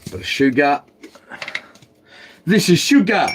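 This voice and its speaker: A man's voice: a little high, unhurried, a bit bright. A man with a New Zealand accent, rambling and slangy as he vlogs from a houseboat. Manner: rambling, slangy, self-talking. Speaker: vlogger. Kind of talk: casual chat to camera. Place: houseboat on the ocean.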